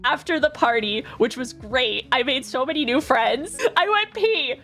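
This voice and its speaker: A young woman streamer telling stories in a casual, excitable way, laughing often and acting out what people said. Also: sits high, moderate pace, soft background music. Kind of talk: casual storytelling.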